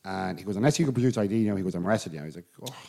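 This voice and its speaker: A low-pitched Irish man who talks at a quick clip, chatting casually about sport. He rambles through anecdotes, often breaking into laughter. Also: expressive, gravelly, warm tone. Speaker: podcast co-host.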